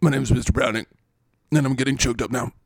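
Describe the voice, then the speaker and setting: A man's voice: mid-range voice, fairly even intonation, fast talker, gravelly, dry recording. A man doing a bragging, self-important quarterback. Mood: sentimental. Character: boastful swaggering adult male quarterback.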